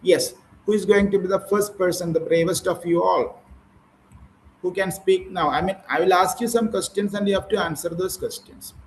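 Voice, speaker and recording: A man's voice: high voice, normal speed, a little hiss or hum, low-quality recording. A man with an Indian English accent, leading an online speaking practice for teachers, asking patient questions and correcting pronunciation.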